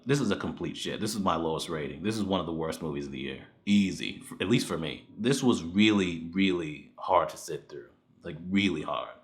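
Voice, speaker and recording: A man with a fairly low voice delivers a casual movie review. He is blunt and swears freely, ranting in exasperation and breaking into laughs.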